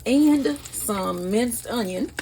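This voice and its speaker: A woman's voice: on the high side, drawn-out words, vocal fry, very noisy. A woman hosting her own cooking vlog from a home kitchen. She talks chattily, gasps with delight and keeps tasting as she goes. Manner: chatty, excitable, gasping with delight, often tasting while talking. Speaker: cooking channel host.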